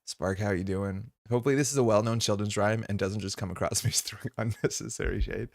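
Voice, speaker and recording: A man's voice: fairly low pitch, steady tone, fast, gravelly, a little mellow, no room sound, studio quality. A man from Canada hosting a live stream, chatting casually and answering viewers in chat. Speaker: streamer host.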